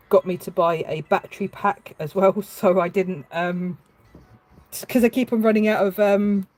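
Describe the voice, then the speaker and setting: Painting live on stream, a woman who has a child talks casually in a medium-pitched, slightly mellow voice over poor audio. She hesitates a lot, filling gaps and restarting sentences, and at moments she's close to tears.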